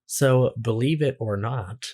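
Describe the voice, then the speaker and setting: A man co-hosts a casual movie review podcast, reading out trivia hesitantly and restarting his phrases. His voice is medium in pitch and a little mellow, and he speaks slowly.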